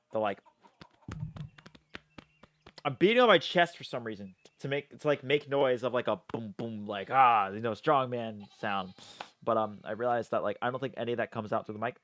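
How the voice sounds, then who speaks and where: A man's voice: medium pitch, a bit bright. A young man streaming a game live, chatting casually, reading the game's lines and viewers' messages aloud, swearing often and laughing easily.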